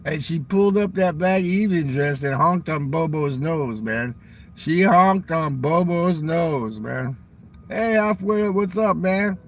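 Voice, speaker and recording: A man rambles through crude stories in a loose, profane monologue, his voice sitting a bit higher than most men's. He talks outdoors near a railroad crossing, with faint traffic noise behind him. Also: lively intonation, a little slow. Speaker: vlogger.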